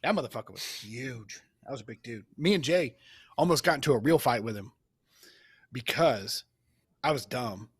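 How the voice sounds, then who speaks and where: A man's voice: mid-range voice, lively intonation, normal speed, breathy edge, no echo, studio quality. A young man, a podcast co-host, telling rambling, profane stories in casual chat. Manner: rambling, swears, laughs while telling stories.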